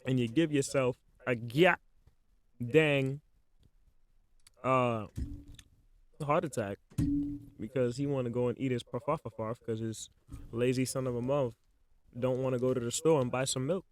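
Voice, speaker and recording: A man's voice: mid-range voice, fairly even intonation, a little slow, long pauses. Slangy joking man at a podcast mic. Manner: slangy, joking, playful storytelling while eating. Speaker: podcast host. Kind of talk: casual solo podcast banter. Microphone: podcast microphone.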